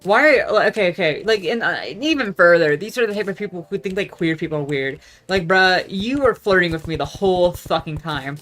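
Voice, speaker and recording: Young adult vlogger ranting casually, swears a lot, rambles and loses the thread, mid pitch. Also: lively intonation, fairly quick, hardly any pauses, a bit bright. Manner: profane, rambling, scattered. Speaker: gaming vlogger. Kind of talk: casual storytelling rant.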